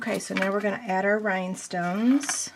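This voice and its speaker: A woman's voice: medium pitch, steady tone, normal speed, heavy background noise. Chatty woman demonstrating a paper craft. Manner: chatty, step-by-step, self-deprecating. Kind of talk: casual craft tutorial.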